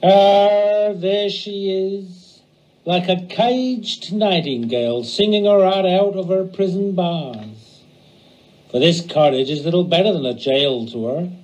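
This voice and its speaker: A man's voice: sits high, slow, darkish tone, lo-fi sound. A man voicing a grieving young wife who speaks in a plaintive, melodramatic lament.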